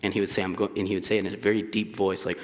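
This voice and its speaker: A young man in his twenties giving a hesitant personal testimony at church, often pausing with fillers. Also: lowish voice, level tone. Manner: hesitant, searching for words with many fillers. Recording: reverberant church hall.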